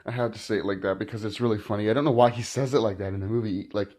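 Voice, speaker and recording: A man's voice: fairly low pitch, steady tone, quick pace, darkish tone. A man giving a casual spoken film review, rambling and often restarting with "like".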